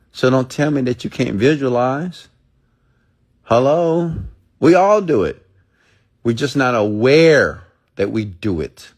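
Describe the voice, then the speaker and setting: Preachy, emphatic lower-pitched man. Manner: preachy, emphatic, mimics listeners in high voices. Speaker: motivational speaker. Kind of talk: motivational monologue.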